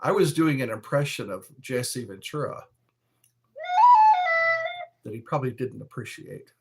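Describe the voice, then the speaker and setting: A man chatting casually on a live stream from his bedroom, rambling and defensive with drawn-out phrases. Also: medium pitch, expressive, creaky, music in the background. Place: bedroom at home.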